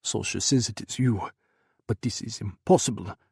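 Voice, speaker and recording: A man voicing a gruff Russian rebel commander with a rough voice, speaking formally without contractions. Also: on the low side, normal speed, darkish tone, no echo, clean studio sound. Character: hardened male Russian rebel leader, gruff, emotional. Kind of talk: audiobook character voice.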